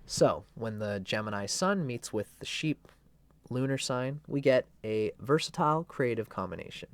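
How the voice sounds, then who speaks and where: A man's voice: mid-range voice, animated, normal speed, no room sound. A man teaching astrology in a loose, conversational way, with a playful and irreverent edge. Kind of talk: casual explanatory talk.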